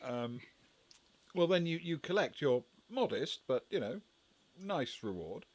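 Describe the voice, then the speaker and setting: A man's voice: on the high side, sing-song, a little slow, darkish tone. A man running a tabletop role-play as game master, hesitant and wry, with many fillers and restarts.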